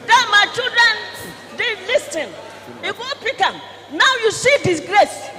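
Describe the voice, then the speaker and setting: A man with a Ghanaian accent playing an indignant middle-aged mother Mary in a live stage comedy skit, shouting in melodramatic pidgin. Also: extremely high pitch, animated, a little slow, a faint crowd, exaggerated voice. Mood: scolding. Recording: reverberant live stage, faint ambience.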